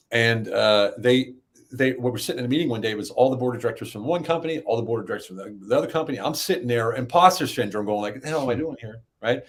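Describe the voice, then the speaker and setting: A middle-aged man telling stories as a podcast guest, animated and climbing high in pitch when he acts out what people said. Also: fast talker. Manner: animated, rises high when acting out quotes. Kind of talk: casual storytelling.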